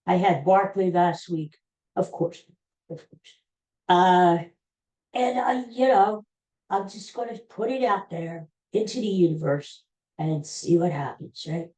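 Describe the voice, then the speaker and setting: A man's voice: high voice, expressive, measured pace, a little mellow. Rambling, jokey older man, roomy sound. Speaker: podcast host. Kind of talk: casual solo podcast monologue. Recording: roomy echoey room.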